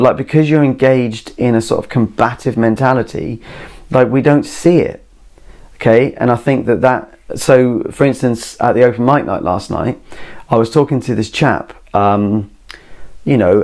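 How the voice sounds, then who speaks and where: A man rambles through a solo podcast in his garden shed. His voice sits low with a gravelly, fry-heavy edge. He keeps circling back with fillers and half-finished restarts. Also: darkish tone. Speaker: podcast host. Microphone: camera mic.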